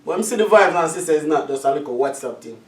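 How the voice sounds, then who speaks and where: A man's voice: on the high side, lively intonation, fast talker, roomy sound, distant mic. A man who works as a sound system selector, telling stories in a casual interview chat, patois-tinged and laughing often.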